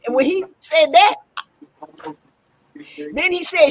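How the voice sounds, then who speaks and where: High-voiced laughing woman storyteller. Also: a little slow, long pauses. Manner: lively, laughing storyteller, acts out voices in her stories. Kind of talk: casual storytelling chat.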